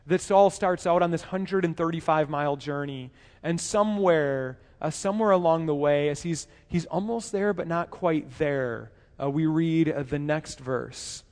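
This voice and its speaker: Man, preacher, sermon, high voice, conversational, restarts and rhetorical questions, long hall reverb. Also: darkish tone. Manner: conversational, repeats words and asks rhetorical questions.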